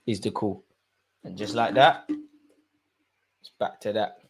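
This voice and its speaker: A young man, commentating live on a football match for his viewers and shouting at the screen. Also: fairly low pitch, slow, gravelly, husky. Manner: excitable, swings from muttering to shouting at the screen. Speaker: football watchalong host. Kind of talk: live watchalong commentary, casual.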